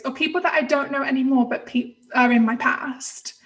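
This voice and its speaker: A woman's voice: high-pitched, fairly even intonation, moderate pace, few pauses, distant mic, rough recording. A woman hosting an interview, talking in a giggly, rambling, self-deprecating way. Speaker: host. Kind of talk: casual interview chat.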